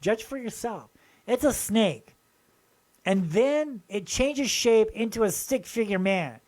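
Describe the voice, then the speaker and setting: A man hosting his own channel, talking excitedly and rambling as he shows viewers pictures, often asking them to look and agree. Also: sits high, measured pace. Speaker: channel host. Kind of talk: casual show-and-tell video.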